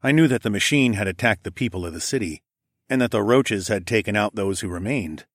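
Man, audiobook narrator, low voice, steady first-person reading, dry sound. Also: brisk, no echo. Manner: steady, even storytelling.

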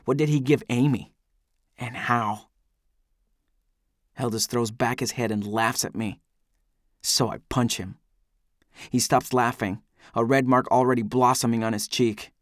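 A man's voice: mid-range voice, steady tone, a little slow, long pauses, no room sound, studio quality. Man narrating a brooding audiobook. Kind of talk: first-person audiobook narration.

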